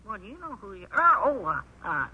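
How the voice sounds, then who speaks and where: An actor playing an excitable, slow-witted country storekeeper and deputy, drawling and easily riled, in a 1930s radio comedy on a muffled recording. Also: male voice, sits high, slightly rough, full character voice. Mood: grumbling flustered.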